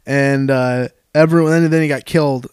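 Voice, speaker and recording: A young man co-hosting a podcast, telling stories in casual chat, animated and laughing often. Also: medium pitch, normal speed, clear, resonant tone, no room sound, studio quality. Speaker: podcast co-host.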